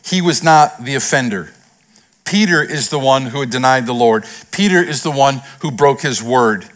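A man, a pastor, preaching a sermon, swinging between raised, emphatic lines and hushed retellings. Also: mid-range voice, expressive, moderate pace.

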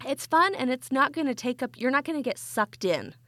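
A woman co-hosting a podcast, chatting casually and telling a story in a giggly, animated way. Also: high voice, brisk, no echo. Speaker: podcast co-host. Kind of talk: casual chat.

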